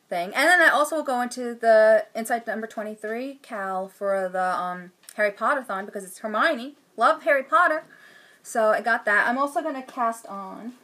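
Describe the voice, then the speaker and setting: A woman in her thirties talks casually as host of a knitting podcast, gushing with enthusiasm. Her voice is bright and sits at an average pitch. Now and then she drops into a hushed aside. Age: 30s. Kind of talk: casual chat.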